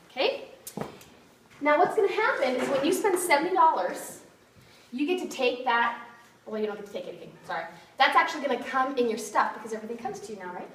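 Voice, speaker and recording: A woman's voice: high-pitched, fairly bright tone. A woman giving a bubbly, laughing sales demo to a group, asking her audience questions. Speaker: kitchenware party consultant. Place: meeting room with an audience. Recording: echoey room from far off, noisy.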